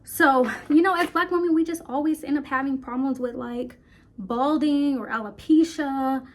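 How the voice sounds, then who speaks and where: A young woman talking fast and a little out of breath, chatting casually to her viewers about hair care. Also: high voice. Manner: chatty, rambling, talks fast, addresses viewers as y'all. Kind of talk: casual chat to camera.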